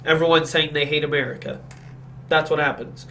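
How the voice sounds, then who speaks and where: A man's voice: fairly high pitch, steady tone, fairly quick, sharp tone, a little hiss or hum. A man hosting a podcast, chatting casually about politics in a blunt, opinionated way and agreeing emphatically. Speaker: podcast host.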